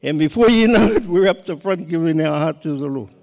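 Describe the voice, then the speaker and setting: A middle-aged man, telling a personal story in a lively way and laughing often. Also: a little high, a little fast, gravelly, big-room sound. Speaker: guest sharing his testimony.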